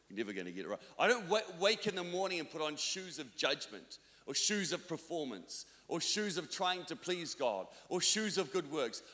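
Bright-voiced male pastor preaching in reverb. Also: on the high side. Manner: conversational storytelling, self-deprecating, restarts. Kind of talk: sermon. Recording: long reverb of a church hall.

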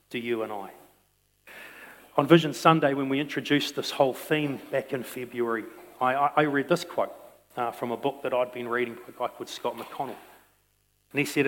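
Preaching man in a reverberant hall. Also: mid-range voice. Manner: preaching, swinging from loud emphasis to quiet intensity. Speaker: pastor. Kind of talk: sermon. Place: church sanctuary.

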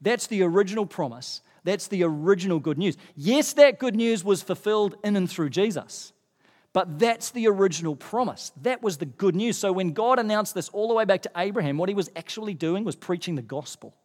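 A middle-aged male pastor with a high, bright voice delivers a sermon. His voice carries into a long church-hall reverb, and he gets animated and rises in pitch on the points he stresses. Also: a little fast.

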